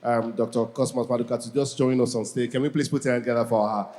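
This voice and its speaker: A man hosting a live event, hurried, restarting phrases as he calls for applause. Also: mid-range voice, steady tone, a little mellow. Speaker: event emcee. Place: large event hall. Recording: reverberant hall, long echo.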